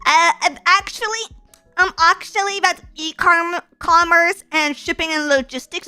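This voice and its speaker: High, bright, giggly woman streamer. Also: a little slow, faint music behind. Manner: giggly, excitable, bursts into shrieking laughs; teasing, playfully sarcastic. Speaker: streamer reading viewer donations. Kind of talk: casual live-stream chat.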